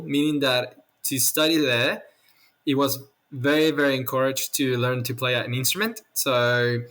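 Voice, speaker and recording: A man's voice: medium pitch, fairly bright tone. A man from Venezuela with a Venezuelan Spanish accent, a podcast guest chatting casually and laughing easily. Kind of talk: casual interview chat.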